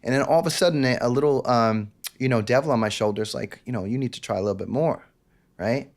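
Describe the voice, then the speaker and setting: A man, speaking as a guest on an interview podcast. He tells a personal story in a candid, intense, confessional way. He slips into the quoted voices of the people in the story, in a voice of middle pitch. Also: fast.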